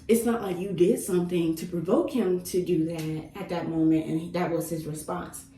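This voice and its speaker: A woman's voice: lowish voice, fairly even intonation, moderate pace, dark tone, soft background music. A woman casually venting as she cuts her hair, retelling talks with her son and repeating phrases for stress. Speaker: vlogger, mother. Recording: echoey room, mic at a distance.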